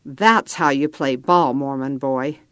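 A woman's voice: extremely low pitch, slow, fairly bright tone, dry recording, clean studio sound, voice pushed down, full character voice. A woman voicing a mean, ornery grown cowboy who growls his lines. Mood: mocking. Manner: gruff, growling.

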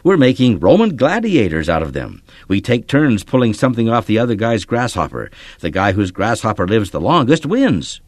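A cruel redheaded boy bully in a storybook, as a man reading aloud puts him on, jeering and loud. His voice sits higher than the narration and swings widely, and the recording is dry and close. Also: very animated, normal speed, hardly any pauses, no echo. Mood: scornful.

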